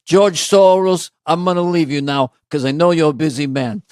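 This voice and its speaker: A man doing a stiff mobster enforcer who speaks in slow, halting, formal phrases. The voice sits fairly high and is recorded dry and close, with no room sound. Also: darkish tone, clean tone, no echo, close to an everyday voice. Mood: solemn.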